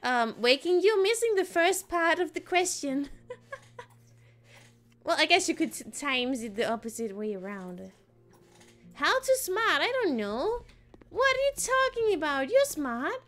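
A woman's voice: sits high, sing-song, a little slow, a bit bright. A woman streaming a game, chatting playfully with her viewers and giggling often. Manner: playful, giggly, answering chat. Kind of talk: casual live-stream chat while gaming.

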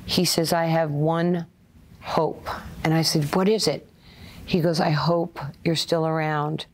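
A woman tells stories in an interview, in a fairly low voice. She is an animated storyteller who acts out the voices of the people in her stories. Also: slow. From Brooklyn, New York. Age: 60s. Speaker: interview guest, former player and coach. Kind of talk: conversational storytelling.

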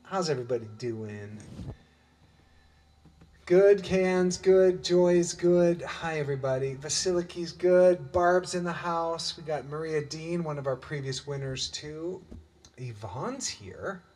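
Slow-talking man hosting a live singalong stream. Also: on the high side, darkish tone. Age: middle-aged. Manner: chatty, greets viewers by name. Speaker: livestream musician host. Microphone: webcam or computer mic. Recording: faint guitar music behind.

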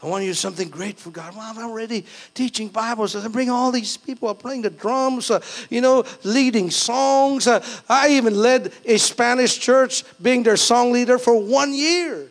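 Middle-aged male pastor, high and gravelly, chatty sermon that swells with fervor. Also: a little slow, few pauses. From Philippines. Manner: conversational, self-deprecating preaching with bursts of fervor.

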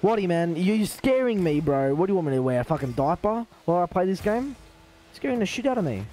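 Live-streaming a car-ball game, an Australian man chats with his viewers and trash-talks opponents in excitable banter. His voice sits high and he speaks quickly.

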